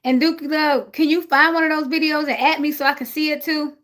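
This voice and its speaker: A woman's voice: high-pitched, fairly even intonation, brisk, fairly bright tone. A woman from City, chatting casually on a livestream with her viewers and her dog. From Jersey City, USA. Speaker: livestream host. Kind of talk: casual live-stream chat.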